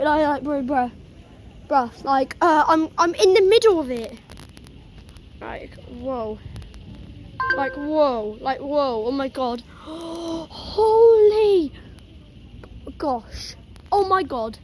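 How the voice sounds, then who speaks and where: A woman filming a thunderstorm outdoors for her vlog, gasping and crying out excitedly to viewers as rain and thunder sound around her. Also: high voice. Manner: excitable, gasping exclamations, repeated "oh my God". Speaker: storm-chasing vlogger. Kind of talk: live storm vlog, talking to viewers. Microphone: handheld or propped camera. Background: rain, wind and thunder.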